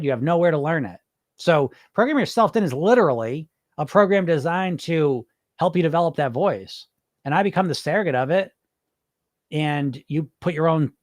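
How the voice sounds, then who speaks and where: Man, podcast host, hypnotist, casual live chat, blunt, swears a lot, rhetorical questions, higher voice, dry close sound. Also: dry recording. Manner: blunt, profane and emphatic, firing rhetorical questions. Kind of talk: casual live-stream talk answering chat comments.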